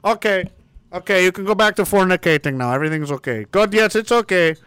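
A man hosting a stream, ranting casually with sarcasm and mocking asides, jumping between loud outbursts and mutters. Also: high voice, fast talker, smooth, dry recording. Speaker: livestream host.

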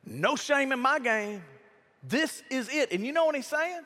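A man preaching a lively sermon, telling stories and acting out quotes in raised voices. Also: measured pace. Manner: animated storytelling, acts out quotes in high voices. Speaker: pastor. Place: church sanctuary. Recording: long reverb of a church hall.

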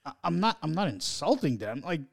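A man co-hosting a parenting podcast in casual chat, animated and quick to swear, often stammering through restarts. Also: a little high, creaky. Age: adult parent. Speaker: podcast co-host.

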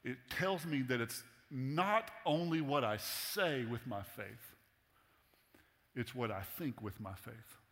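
A man's voice: mid-range voice, lively intonation, slow, a bit bright. Casual, joking preacher man in a hall. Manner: casual, humorous, conversational. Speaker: pastor. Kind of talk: sermon. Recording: long hall reverb.

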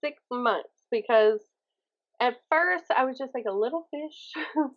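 A woman from Mississippi with a Southern accent, a YouTuber chatting as a guest on a podcast, animated and self-mocking, acting out the voices she quotes. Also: sits high, a little slow, lo-fi sound. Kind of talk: casual podcast chat.

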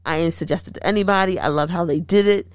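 A woman co-hosting a casual chat, talking in a chatty, animated and playful way. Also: fairly low pitch, quick pace, dry recording, clean studio sound.

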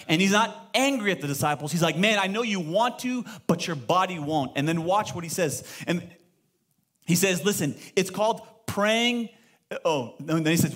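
A man pastor preaching to a live church congregation, emphatic and lively, throwing rhetorical questions to the room. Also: extremely high pitch. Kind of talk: sermon.

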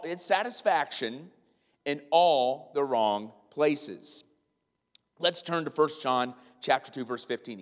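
High-voiced man preaching in a reverberant hall. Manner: emphatic, repeats key lines for effect. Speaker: pastor. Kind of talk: sermon. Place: large church sanctuary.

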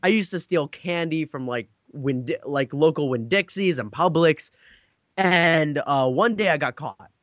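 A man's voice: fairly high pitch, a little slow, a bit bright, no room sound. A young man in casual chat, telling rambling stories with lots of swearing and laughter.

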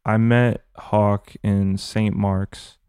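A man whose first language is French, hosting a casual podcast chat and telling relaxed, friendly stories. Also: on the low side, extremely slow, clean tone, no echo, clean studio sound. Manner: relaxed, chatty, friendly storytelling.

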